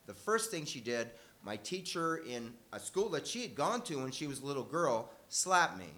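A man's voice: medium pitch, sing-song, moderate pace, sharp tone. An older man telling a personal story live to an audience, conversational and wry, correcting himself as he goes.

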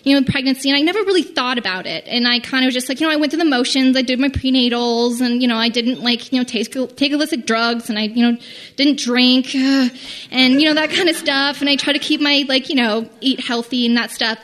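High-voiced young woman telling a story. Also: brisk, fairly bright tone. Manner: rambling, acts out quoted lines with big pitch jumps. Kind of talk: casual personal anecdote.

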